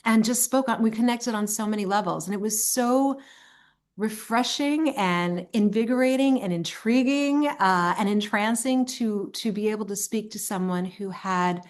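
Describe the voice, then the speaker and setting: A woman in her fifties from Long Island, a singer telling her life story in a relaxed interview, with frequent ums and uhs. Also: mid-range voice. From Long Island, New York. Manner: warm, reflective storyteller with frequent fillers. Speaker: singer and songwriter, interview guest.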